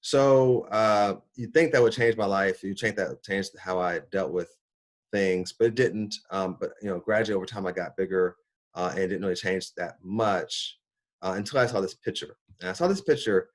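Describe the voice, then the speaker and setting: A middle-aged man, a doctor, telling his own health story in a casual, animated way, acting out his reactions. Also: moderate pace. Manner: animated, acts out his own reactions with big pitch jumps. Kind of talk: personal storytelling talk.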